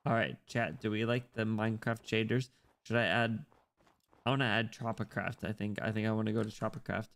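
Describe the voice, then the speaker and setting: Gravelly-voiced American man streaming games. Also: lowish voice, level tone, normal speed. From United States. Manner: rambling, joking, swears a lot. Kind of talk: casual gameplay commentary.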